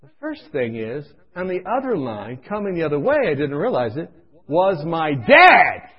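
A man preaching through a comic personal story, animated and acting out scenes, in a dull lo-fi recording. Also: fairly high pitch, normal speed, breathy edge. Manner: animated, comic, acts out voices.

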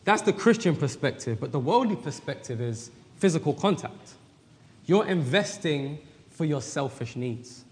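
A man's voice: on the high side, lively intonation, moderate pace. A man co-hosting a faith-based relationship talk, frank and speaking straight to the men listening. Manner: frank, addresses men directly. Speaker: co-host. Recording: reverberant hall.

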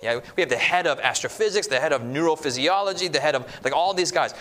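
Animated man teaching at a church seminar. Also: on the high side, quick pace, few pauses. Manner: acts out quoted voices. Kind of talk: lively religious teaching talk.

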